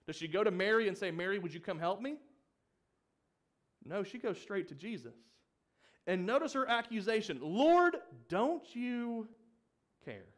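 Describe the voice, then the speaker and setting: A young male pastor with a high voice preaches a sermon. He asks the congregation questions and raises his voice when he acts out the quoted pleas. His delivery rises and falls with emphasis. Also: animated, moderate pace, long pauses, a bit bright.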